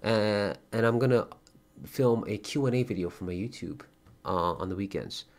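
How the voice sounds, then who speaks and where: Casual low-voiced male streamer signing off. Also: normal speed. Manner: chatty, swears casually, bursts of excitement when thanking donors. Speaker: livestreamer. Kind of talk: casual stream sign-off, thanking viewers.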